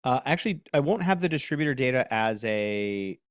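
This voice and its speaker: A man with a medium-pitched voice hosts a casual live workshop. He talks in a chatty, self-mocking way and dictates prompts out loud. The sound is dry and close, with little room reverb. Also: expressive, fairly quick, clean tone. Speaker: host.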